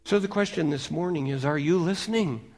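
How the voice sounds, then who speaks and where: Man, pastor, sermon, dramatic storytelling, loud then hushed, slightly high voice. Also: a little fast, soft background music.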